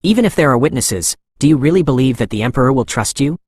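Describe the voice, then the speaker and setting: A man's voice: medium pitch, lively intonation, quick pace, slightly rough, no echo. A man narrating a haughty young prince from a storybook-style recap, spoiled and cruel. He rants and sneers at the people around him in a mid-range voice. The sound is dry and close. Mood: fearful sneering. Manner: ranting, then begging. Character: arrogant young male prince, cruel, panicky.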